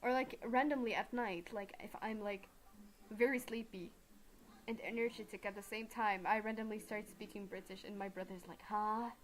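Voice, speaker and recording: A woman's voice: mid-range voice, steady tone, moderate pace. A young woman streaming a game live, rambling and chatty, self-mocking, with lots of fillers.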